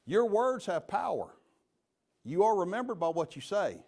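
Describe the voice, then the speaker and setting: A middle-aged man leads a police leadership training. He speaks in a slightly high voice as a folksy, joking storyteller. He mixes anecdotes with plain lessons. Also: very animated, moderate pace, a little mellow. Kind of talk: leadership training talk with stories.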